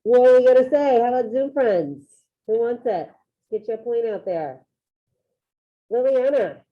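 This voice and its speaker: A woman's voice: on the high side, lively intonation, unhurried. A woman teaching a Spanish class over a video call, upbeat and encouraging as she calls on students by name. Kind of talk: online classroom lesson. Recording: tinny phone-like video call audio.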